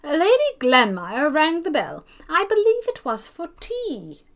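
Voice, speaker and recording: A woman voicing a torpid, helpless elderly hostess who talks slowly and fretfully. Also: sits high, huge pitch swings, voice pushed up, full character voice. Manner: slow, fretful, languid.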